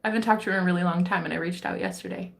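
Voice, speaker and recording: A woman's voice: fairly low pitch, big pitch swings, very fast, vocal fry. An American woman chatting playfully on a livestream in a put-on English accent, rambling and joking. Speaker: livestream host. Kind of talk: casual chat.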